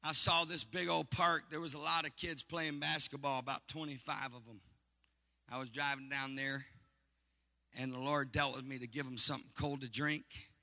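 Gravelly preacher in a big hall. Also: male voice, medium pitch, little pitch movement, moderate pace. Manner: call-and-response preaching, swells to shouting. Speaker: pastor. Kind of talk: preaching sermon with stories.

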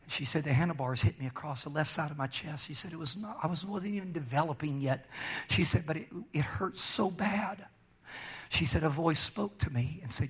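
A pastor preaching, telling a personal story and pressing key lines with slow, emphatic rises. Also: male voice, on the high side, fairly bright tone, husky. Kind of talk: sermon testimony.

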